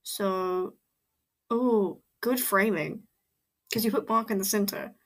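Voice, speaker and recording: A woman giving casual reaction commentary, excitable and rambling, full of fillers and exclamations. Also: mid-range voice, slow pace. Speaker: reaction video host.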